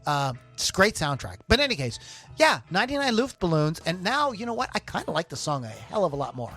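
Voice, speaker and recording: A man's voice: sits high, big pitch swings, quick pace, bright, forceful tone, soft background music. A man hosting a podcast in casual chat. He rambles and often stumbles over his words. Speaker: podcast host.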